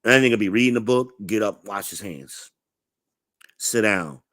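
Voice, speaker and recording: A man's voice: fairly low pitch, normal speed, a bit bright, dry recording, clean studio sound. A man in his forties telling blunt, profane stories in a laid-back, casual vlog monologue. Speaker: vlogger.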